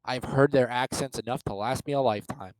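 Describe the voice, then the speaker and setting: A man's voice: mid-range voice, a little fast, dry recording, rough recording. A young man chatting casually as a podcast guest, rambling and easily sidetracked. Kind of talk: casual chat.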